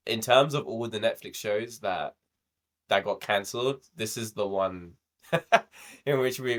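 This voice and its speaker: A man's voice: on the low side, fairly bright tone. A young man co-hosting a podcast, chatting casually about a show, laughing often and swearing freely. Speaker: podcast co-host. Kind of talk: casual review chat.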